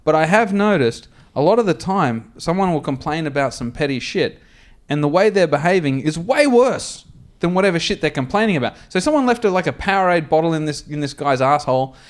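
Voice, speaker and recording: Man, Australian accent, comedy podcast host, crude and sweary, animated storytelling, slightly high voice. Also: a little fast.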